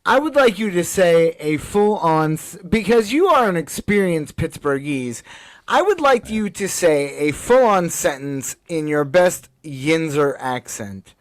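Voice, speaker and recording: A playful male podcast co-host with a high, bouncing voice. He teases his friends and repeats himself as he eggs them on. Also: lively intonation, unhurried, no room sound. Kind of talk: casual chat.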